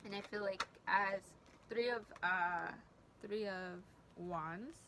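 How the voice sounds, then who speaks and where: A woman's voice: mid-range voice, takes it slowly, noisy background. A young woman giving a heartfelt tarot reading, emotional and earnest, often restarting her sentences. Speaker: tarot reader.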